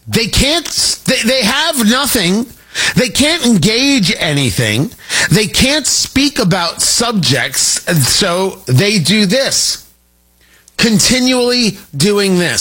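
A man's voice: sits high, very animated, sharp tone, soft background music. A man hosting a political talk radio show, delivering an emphatic, combative monologue. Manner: combative, emphatic, rapid asides.

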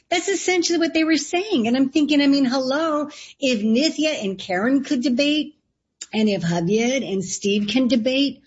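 Woman running for office, emphatic and a bit sarcastic, kinda high voice, muffled lo-fi audio. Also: expressive, normal speed. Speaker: candidate for lieutenant governor. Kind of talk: political interview. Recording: dull lo-fi sound.

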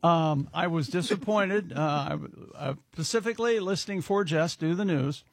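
A wisecracking male radio co-host teases the others in quick banter. His voice is unusually high and husky, recorded dry in a studio. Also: no echo. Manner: wisecracking, teasing.

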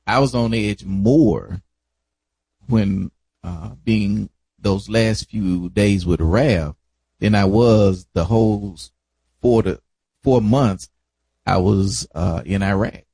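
A middle-aged man, recalling caring for a dying family member in a reflective, halting way. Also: on the low side, dark tone, husky, no room sound. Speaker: family caregiver. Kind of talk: casual family conversation.

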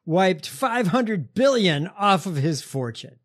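A man hosting a podcast in casual chat, halting and wry. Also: high-pitched, very animated. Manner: halting, many fillers, wry. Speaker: podcast host.

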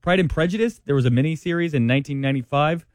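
A man, a producer co-hosting an entertainment show, reading a ranked list with quick asides. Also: fairly high pitch, dry recording, clean studio sound. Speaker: producer and co-host. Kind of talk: casual entertainment chat.

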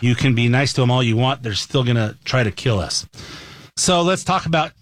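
Male radio host in a dry studio, speaking at a middle pitch, opinionated and chatty. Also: lively intonation, brisk, dry recording. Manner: opinionated, conversational. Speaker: talk show host. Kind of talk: radio talk commentary.

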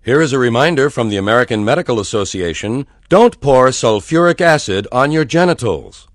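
A man reading mock community notices in a deadpan announcer manner. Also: mid-range voice, brisk. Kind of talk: mock news bulletin.

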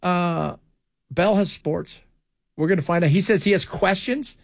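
A man hosting a radio talk show, bantering and joking with quick asides and frequent laughs, on a studio mic. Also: sits high, creaky, background noise.

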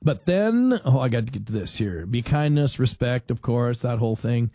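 A man's voice: medium pitch, moderate pace, no room sound, studio quality. A man hosting a talk show, chatting casually and rambling a bit as he tells stories and acts out what people say. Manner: animated storyteller who acts out quotes; rambling with restarts.

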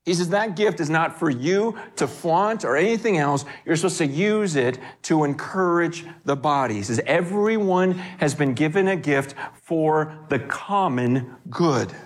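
A man preaching a sermon in a conversational, animated way, acting out quoted voices. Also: on the high side, unhurried, hardly any pauses.

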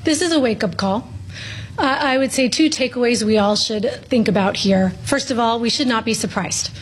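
A woman guest in a news studio interview, answering in a measured, explanatory way. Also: fairly high pitch, slightly rough, rough recording.

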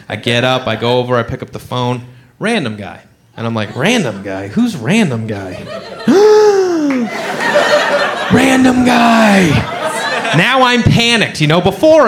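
A comedian with a fairly bright, slightly high voice does stand-up at a club. He rambles through a story at his own expense, leaning heavily on "you know."

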